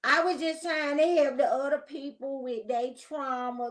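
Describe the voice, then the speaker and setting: A woman's voice: sits high, fairly even intonation, moderate pace, poor audio. A woman hosting a casual commentary vlog, talking straight to her viewers in a chatty, opinionated, slangy way. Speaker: host.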